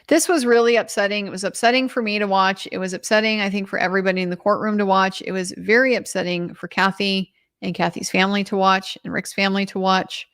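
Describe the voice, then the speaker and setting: A woman's voice: mid-range voice, fairly even intonation, quick pace, few pauses, a bit bright. A woman commentator giving a casual, chatty recap of a trial, with many restarts and quoted lines.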